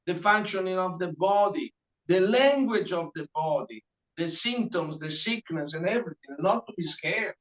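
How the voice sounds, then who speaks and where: A man's voice: high voice, animated, normal speed, a bit bright, rough recording. A man, a guest explaining his ideas in casual chat, hesitant with many fillers as he searches for English words. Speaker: guest, reflexologist.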